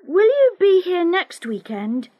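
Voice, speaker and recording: A woman reading the lines of a quiet, serious schoolboy in a storybook, soft and guarded. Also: extremely high pitch, very animated, slow pace, no echo, dull audio, voice pushed up, heavily acted. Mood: eager.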